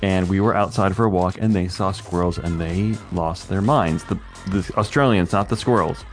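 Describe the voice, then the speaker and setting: Casting: lower-voiced male podcast co-host, chatty anecdote teller, light music bed. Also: moderate pace. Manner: chatty storyteller, laughs easily. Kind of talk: casual music chat.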